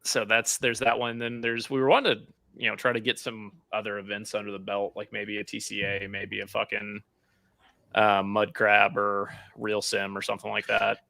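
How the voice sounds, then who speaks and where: A man's voice: fairly low pitch, monotone, moderate pace, gravelly, bright, forceful tone, no echo. A man co-hosting a podcast in casual chat, blunt and swearing casually. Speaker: podcast co-host.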